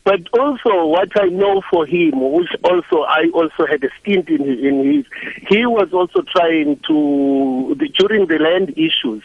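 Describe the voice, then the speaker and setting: A man's voice: sits high, very animated, a little slow, creaky, few pauses, no echo. A man calling a radio show, recalling his work for the church in a hesitant way with frequent restarts. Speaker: caller, former church worker. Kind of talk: phone-in recollection. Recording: tinny phone line.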